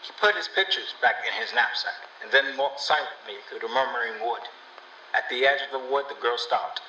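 A man narrating a fairy tale in a measured, even storytelling manner. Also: fairly low pitch, slight background noise. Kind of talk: audiobook reading of a fairy tale. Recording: distant mic in an echoey room, faint ambience.

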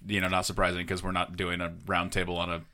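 A man's voice: sits low, monotone, fast talker, pushed and bright. A man co-hosting a podcast, chatting loosely and swearing casually. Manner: loose, profane banter. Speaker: podcast co-host.

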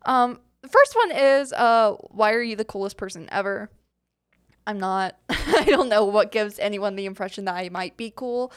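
Young woman, podcast host, rambling and giggly, smooth clear voice, dry close sound. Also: mid-range voice, expressive, moderate pace, no echo. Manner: rambling, giggly, lots of fillers. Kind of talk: casual solo Q&A.

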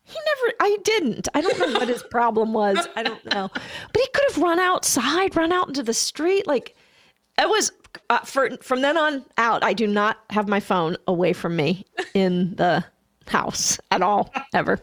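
A woman co-hosting a podcast, chatting casually as a realtor and telling animated stories. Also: fairly high pitch, normal speed, no room sound, studio quality. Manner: animated, acts out quoted voices. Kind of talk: casual chat, storytelling.

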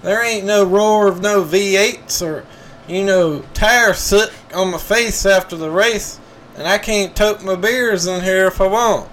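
A man's voice: high voice, a little slow, fairly bright tone, slight background noise, pitched above the performer's own voice. A man putting on a brash Southern redneck. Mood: griping. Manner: brash, folksy, complaining. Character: loud Southern redneck man, NASCAR fan.

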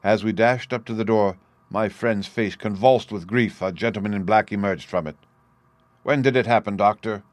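A man narrating a classic detective story in a measured, steady reading. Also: lowish voice, no echo. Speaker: audiobook narrator.

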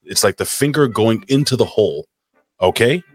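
A man's voice: fairly low pitch, animated, normal speed. A man co-hosting a live podcast, bantering loosely and swearing while reading out chat names. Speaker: podcast co-host.

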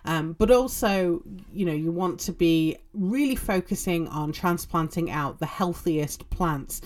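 Woman podcast host, slightly low voice, easygoing how-to delivery. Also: unhurried. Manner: relaxed, explanatory, frequent ums and you-knows. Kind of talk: gardening podcast talk. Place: home in a short-season area.

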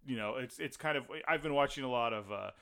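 A man's voice: mid-range voice, fast, vocal fry, pushed and bright. A man co-hosting a casual podcast, chatting loosely and jokingly about a film. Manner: loose, joking delivery with quoted asides. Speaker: podcast co-host. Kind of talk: casual film-trivia chat.

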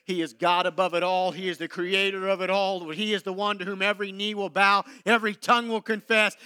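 High, bright-voiced preacher, slow and emphatic. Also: male voice, flat delivery, clean tone. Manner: swings between loud emphatic preaching and hushed low passages; slow deliberate delivery with dramatic pauses. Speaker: pastor. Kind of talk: sermon.

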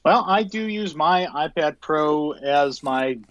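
A man co-hosting a casual tech podcast, speaking in a thoughtful, measured way with frequent fillers. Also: fairly high pitch, lively intonation, fairly bright tone, lo-fi sound. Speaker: podcast co-host.

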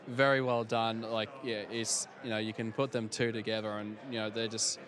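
A man's voice: fairly low pitch, level tone, normal speed, fairly bright tone. A man interviewing guests outdoors at a fan convention, talking casually with many fillers and restarts. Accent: non-local accent.

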